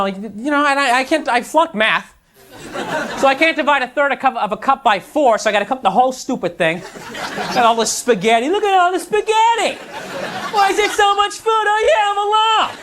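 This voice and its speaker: A man's voice: very high-pitched, noisy background. A man doing a stand-up routine before a live audience, ranting in a frustrated, exasperated way. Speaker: stand-up comedian. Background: audience laughter.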